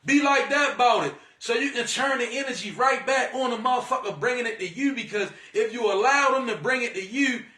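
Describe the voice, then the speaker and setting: A man's voice: very high-pitched, pushed and bright, roomy sound, distant mic. A man giving a blunt, slangy spiritual pep talk, preachy and profane, calling the listener "divine being". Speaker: spiritual energy reader.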